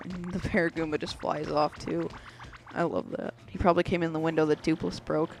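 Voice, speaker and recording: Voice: mid-range voice, little pitch movement, brisk, creaky, a little mellow, a little hiss or hum. A let's play host commentating a video game in a casual, joking, slightly rambling way.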